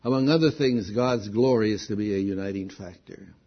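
A man preaching a sermon, slow and deliberate, rising to excitement on his key points. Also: on the low side. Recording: dull lo-fi recording.

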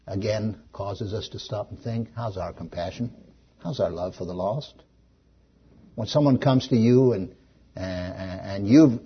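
A man preaching a sermon as pastor, animated, swinging between loud emphasis and hushed questions. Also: medium pitch, breathy edge, muffled recording.

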